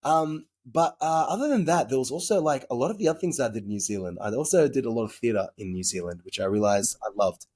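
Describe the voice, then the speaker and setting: A husky, slightly rough-voiced Australian man chatting as a podcast guest. He talks frankly and in loose, rambling stretches, dropping the odd swear word as he goes. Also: medium pitch, animated, quick pace, few pauses, a little mellow. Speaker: guest actor. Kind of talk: casual podcast interview chat.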